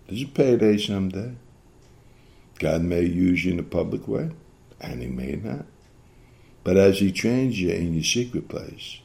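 A man's voice: low-pitched, vocal fry, mellow. A man preaching a sermon, earnest and exhorting, often repeating phrases for emphasis.

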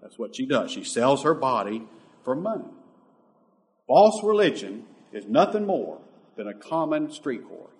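A man preaching a sermon, emphatic, with sudden loud peaks. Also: medium pitch, sing-song, measured pace. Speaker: pastor.

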